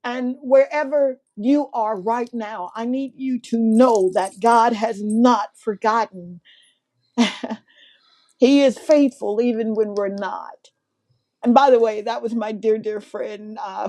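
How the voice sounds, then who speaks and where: A woman's voice: on the high side, fairly even intonation, a little slow, warm tone. A middle-aged woman from Mississippi hosting a faith talk show, telling a heartfelt testimony in a preacherly way and laughing often.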